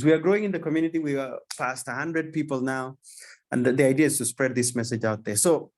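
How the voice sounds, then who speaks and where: Male host on a video call, casual and halting, repeats words, animated bursts. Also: medium pitch. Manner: halting, repeats words, laughs often, animated when excited. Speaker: community session host. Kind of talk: casual online session talk.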